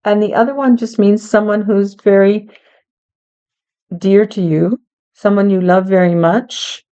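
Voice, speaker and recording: A woman teaching English to learners, speaking slowly and clearly in a patient, encouraging way. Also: medium pitch, fairly even intonation, mellow, highs cut off. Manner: patient, encouraging, talks to a child helper.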